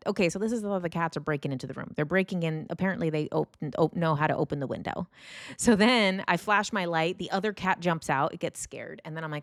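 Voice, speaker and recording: A woman host telling a personal story in a casual, rambling way, full of fillers and restarts, and lively when she acts out her reactions. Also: low-pitched, moderate pace, dry recording, clean studio sound. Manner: animated when acting out reactions. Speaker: podcast host.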